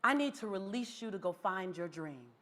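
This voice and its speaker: A woman voicing a stern female office supervisor, dropping into a lower, quiet, flatly blunt tone. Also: unhurried, full character voice.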